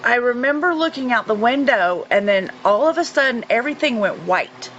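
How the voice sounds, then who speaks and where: A woman in her forties from North Carolina, a guest recounting a personal experience in an earnest, halting way with many fillers. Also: a little high, lively intonation, a bit bright. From North Carolina, USA. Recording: muffled recording with faint hiss.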